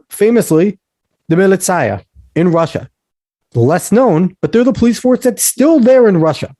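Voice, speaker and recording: Emphatic, dark-voiced man host. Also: high-pitched, dry recording. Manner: heated, emphatic ranting; history lecturing. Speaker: podcast host. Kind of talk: casual podcast talk.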